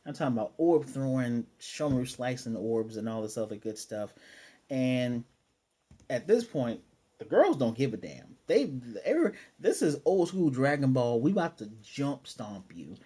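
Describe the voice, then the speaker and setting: Male anime reviewer, mellow husky tone, energetic slangy recaps. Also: mid-range voice, moderate pace. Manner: excitable, slangy, swears, acts out scenes. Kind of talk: casual episode review.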